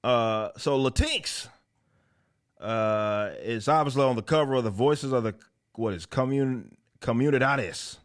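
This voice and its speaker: A man's voice: mid-range voice, measured pace. A man hosting a comic book commentary channel, talking in a blunt, profane, sarcastic way and rambling through self-corrections. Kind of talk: casual ranting commentary.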